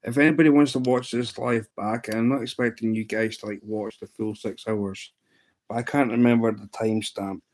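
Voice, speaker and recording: A man with a fairly low voice, chatting casually to his livestream viewers. He tells the story in a loose, amused ramble, stumbling and restarting as he goes. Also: steady tone, moderate pace, a little mellow. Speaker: livestream host.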